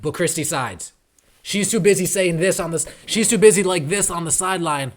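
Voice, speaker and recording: A man's voice: high voice, moderate pace. A man hosting a podcast, ranting about a basketball coach with sarcasm and profanity. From New York tri-state area. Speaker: podcast host. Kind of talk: ranting sports commentary.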